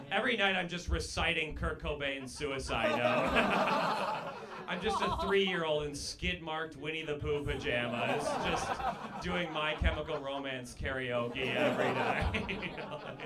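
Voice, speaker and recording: Brash man in his thirties doing stand-up. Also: a little high. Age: 30s. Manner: brash, crude, mocking crowd work. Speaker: stand-up comedian. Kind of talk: stand-up comedy set. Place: comedy club stage before a live audience. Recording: live club recording with loud crowd laughter. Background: loud audience laughter.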